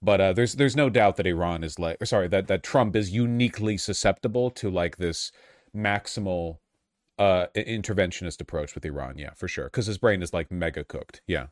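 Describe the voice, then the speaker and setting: A man reacting to clips in casual commentary, swearing and flaring up heatedly as he goes. His voice sits a bit low. The sound is dry and close, with no room around it. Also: fairly quick, no room sound. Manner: profane, heated outbursts. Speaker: political commentator.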